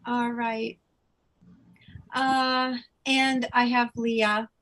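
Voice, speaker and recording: A woman hosting a call-in channeling session with a high, light voice. She talks slowly and gently, with warm affection for her callers. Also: flat delivery, rough recording. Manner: gentle, affectionate, calls people sweetheart. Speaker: host, psychic medium.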